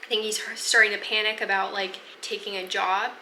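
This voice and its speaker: Bright-voiced chatty woman book vlogger. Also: medium pitch, little pitch movement, fairly quick, roomy sound, a little hiss or hum, rough recording. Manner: chatty, gushing, many likes and ums. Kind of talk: casual reading vlog chat. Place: apartment at home.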